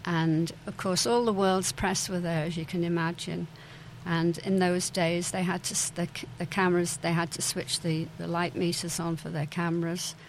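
A woman's voice: fairly low pitch, flat delivery, moderate pace, a little hiss or hum, poor audio. An older woman telling stories from her past in an interview, hesitant, with many fillers and restarts. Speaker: interview guest, former club owner's daughter. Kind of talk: reminiscing interview.

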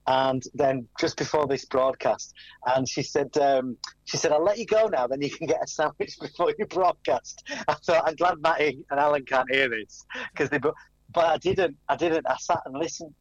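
A man's voice: on the high side, moderate pace, dry recording, lo-fi sound. A man chatting as a guest on a radio show, telling jokey stories. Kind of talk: casual radio banter.

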